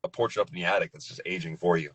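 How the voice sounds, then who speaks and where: A low-pitched man talks casually as a podcast guest, animated and joking, with a habit of restarting his sentences. The sound is dry and close. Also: rapid-fire, husky, no echo. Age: young adult. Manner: animated, jokey, repeats words when starting. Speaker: guest voice actor.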